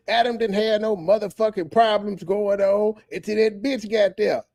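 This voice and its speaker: A man's voice: high voice, fairly even intonation, normal speed, hardly any pauses, darkish tone. A male streamer reacting to clips and ranting profanely at a viewer in chat, heated and preachy, drawing out words for emphasis. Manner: heated, preachy, addresses a chatter directly. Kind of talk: profane casual rant.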